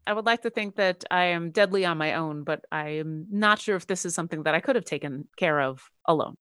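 Woman doing an earnest adventurer, measured and dry. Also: fairly low pitch, a bit bright, clean tone, no echo, pitched below the performer's own voice, natural voice.

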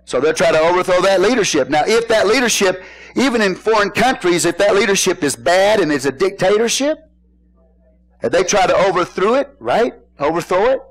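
A man's voice: high voice, expressive, brisk, low-quality recording. A man preaching a sermon in church, folksy and joking, often asking the congregation questions. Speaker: pastor.

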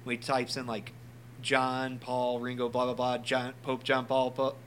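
A man's voice: mid-range voice, completely flat delivery, unhurried, fairly bright tone, slight background noise. A man co-hosting a casual podcast chat, joking around and tossing in mock impressions. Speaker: podcast co-host.

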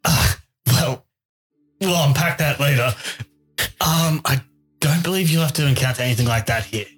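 Husky-voiced man player, calm. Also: mid-range voice, moderate pace, soft background music. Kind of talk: playing in character in a tabletop game.

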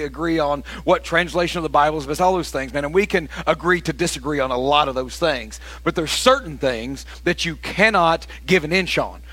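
Folksy pastor, bright tone, animated sermon delivery. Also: male voice, a little high. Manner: animated storytelling, bursts into shouted preaching; casual, folksy with "man" and "y'all".

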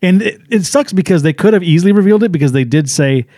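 A man's voice: sits high, animated, warm tone, no room sound, clean studio sound. Chatty man reviewing a movie. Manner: rambling, quick interjections, frequent fillers. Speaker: podcast co-host. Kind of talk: casual movie review chat.

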